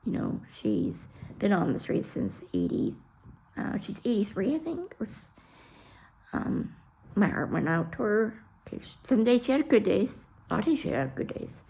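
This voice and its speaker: A woman with a mid-range voice and a gravelly, creaky edge recounts her own story. She talks bluntly and swears freely, acting out the dialogue and jumping between hushed asides and loud outbursts. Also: medium pitch, wildly swooping pitch, moderate pace. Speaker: storyteller sharing her life. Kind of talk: emotional personal storytelling.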